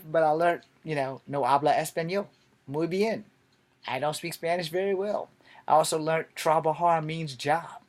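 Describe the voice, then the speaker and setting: Guy vlogging a story from his life, loose and rambly, cusses a lot, mid-pitched voice. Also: fairly bright tone. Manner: candid, rambling, swears freely. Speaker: vlogger telling a personal story. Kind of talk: casual storytelling monologue.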